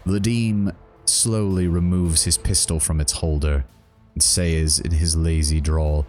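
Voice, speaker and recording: A man's voice: very deep voice, fairly even intonation, measured pace, a little mellow, soft background music. A man narrating as game master of a tabletop role-playing game, then rambling and correcting himself in casual chat with the players. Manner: rambling, self-correcting when chatting.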